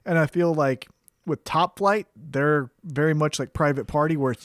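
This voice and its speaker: A man's voice: a little high, moderate pace, no room sound, studio quality. A man co-hosting a podcast in casual chat, rambling and thinking aloud with fillers. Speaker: podcast co-host.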